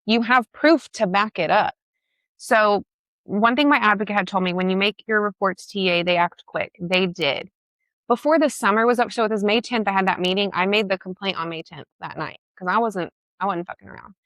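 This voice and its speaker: A woman's voice: mid-range voice, brisk, a bit bright, dry recording. A woman telling a personal story in a conversation, emphatic and emotional, blunt and swearing. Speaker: guest.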